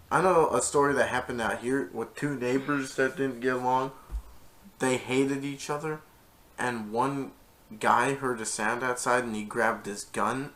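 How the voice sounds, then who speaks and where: A man's voice: medium pitch, fairly bright tone. A man co-hosting a casual vlog, reacting in a rambling, hesitant way and drifting into side stories. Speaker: co-host reacting to the story. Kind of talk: casual chat commentary.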